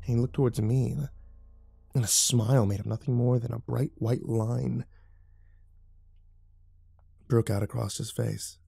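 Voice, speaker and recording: A man's voice: medium pitch, fairly even intonation, measured pace, vocal fry, long pauses, dark tone, breathy edge, no room sound, soft background music. A man reading horror stories aloud, building tension and turning urgent in the action scenes. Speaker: horror story narrator. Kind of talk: dramatic horror story narration.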